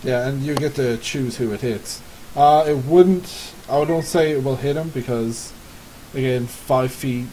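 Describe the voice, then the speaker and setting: A man running a tabletop game as game master, laughing often and filling pauses with "like" and "uh". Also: medium pitch, mellow, slight background noise, rough recording. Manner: laughs often, many fillers.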